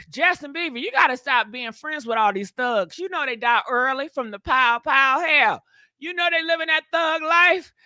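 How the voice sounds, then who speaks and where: Sassy high-voiced woman hosting gossip live. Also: animated, moderate pace, pushed and bright, no room sound. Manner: sassy, chatty, talks straight to viewers; laughs often. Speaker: gossip show host. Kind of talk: casual live-stream gossip chat.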